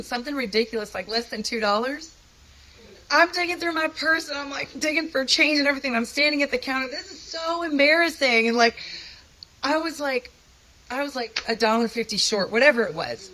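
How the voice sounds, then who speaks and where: A woman's voice: high voice, sharp tone, poor audio. A woman telling her own story of a hard time in an earnest, conversational, self-deprecating way. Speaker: guest sharing a personal testimony. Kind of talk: candid personal storytelling.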